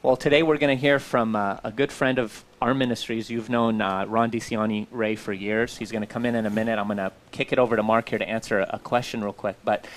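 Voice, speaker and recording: A man's voice: on the low side, fairly even intonation, quick pace, few pauses. Earnest male talk-show co-host. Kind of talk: casual talk-show chat.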